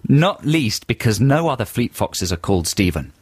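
A man's voice: medium pitch, very animated, moderate pace, husky, dry recording. A man co-hosting a radio show, bantering casually and reading out listener emails.

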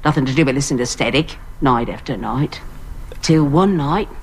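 A deep, low-pitched Australian woman telling a strange story. She tells it flatly and plainly, as in a TV drama scene. Faint room ambience sits under her voice. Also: normal speed, slight background noise. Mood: matter-of-fact. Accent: put-on Australian. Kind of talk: TV drama acting.

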